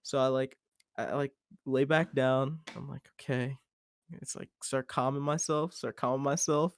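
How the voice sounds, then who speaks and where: A man's voice: medium pitch, steady tone, measured pace. A young man hosting a podcast, telling a long story in a rambling, laid-back way with plenty of "like" and swearing. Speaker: podcast host. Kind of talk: casual storytelling chat.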